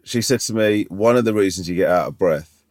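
A man's voice: lowish voice, a little fast, darkish tone, no echo. A man co-hosting a podcast, teasing his friend in casual, dry banter. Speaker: podcast co-host. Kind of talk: casual chat.

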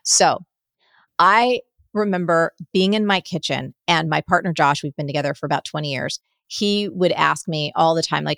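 A middle-aged woman, a guest on an interview podcast, telling stories in an energetic, animated way. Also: low-pitched, moderate pace, vocal fry, no echo.

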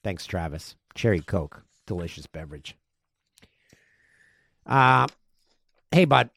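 Dude doing a podcast, reads emails and cracks jokes, voice jumps all over. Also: male voice, low-pitched, gravelly, dry recording. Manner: animated, jokey, reads emails aloud with quick asides. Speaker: podcast host. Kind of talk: casual podcast chat reading listener emails.

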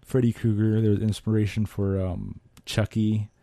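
A man's voice: fairly low pitch, little pitch movement, moderate pace, dark tone, dry recording. A man co-hosting a casual podcast, telling a story in a rambling way with lots of fillers. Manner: rambling, many fillers and restarts. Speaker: podcast co-host.

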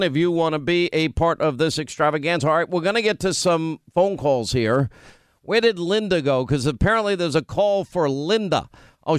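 A man's voice: fairly high pitch, no echo. A man from Long Island with a faint New York accent, hosting a radio talk show in casual, bantering chat. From Long Island, United States. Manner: chatty, bantering, quick asides.

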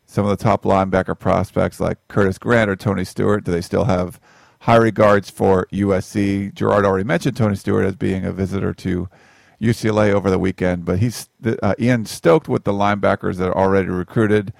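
A man's voice: low voice, flat delivery, a little fast, vocal fry, no room sound, clean studio sound. A man hosting a sports podcast, easygoing and joking, reading out listener questions. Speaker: podcast host. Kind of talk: casual podcast chat.

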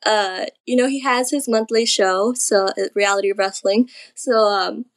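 A woman's voice: mid-range voice, measured pace. A young woman, a pro wrestler, tells stories in an interview with a giggly manner, sprinkling her speech with "like". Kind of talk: casual interview storytelling.

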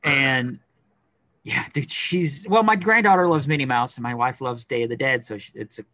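A middle-aged man co-hosting a podcast, chatting casually in a rambling, animated way with lots of fillers. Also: medium pitch, normal speed, no echo, studio quality. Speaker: podcast co-host. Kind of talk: casual chat.

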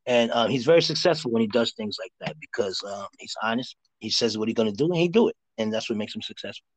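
Heard on a rough, echo-free recording, a tarot reader from Harlem talks quickly and expressively in a lowish voice with a New York accent. He riffs playfully and uses loose street slang while reading cards for live-show callers.

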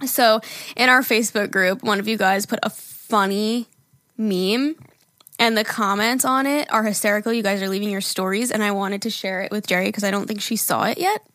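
A woman co-hosting a casual podcast chat, animated and giggly, swearing freely. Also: medium pitch, moderate pace, dry recording, clean studio sound. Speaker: podcast co-host.

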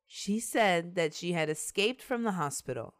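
Woman telling a crime story on a podcast, lowish voice, laughy and chatty. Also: moderate pace. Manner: laughs often, swears, animated retelling. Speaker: podcast host telling the case. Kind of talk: casual true-crime storytelling.

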